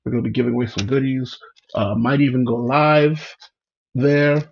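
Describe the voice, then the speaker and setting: A man's voice: medium pitch, steady tone, moderate pace, vocal fry, highs cut off, slight background noise. A man hosting a casual livestream, chatting and greeting viewers by name. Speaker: livestream host.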